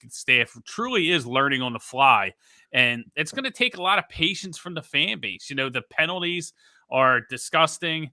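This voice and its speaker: A man, co-hosting a sports podcast in animated casual talk. His voice is very bright and sharp, and the sound is dry and close. He mocks the coach when he quotes him. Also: mid-range voice, no room sound. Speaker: podcast co-host.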